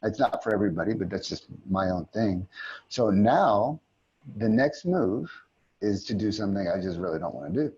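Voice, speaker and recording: Calm husky man teaching over a call. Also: lowish voice, normal speed, lo-fi sound. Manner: calm, reflective, many restarts. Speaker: aikido teacher leading a community call. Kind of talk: guided teaching talk. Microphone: video call.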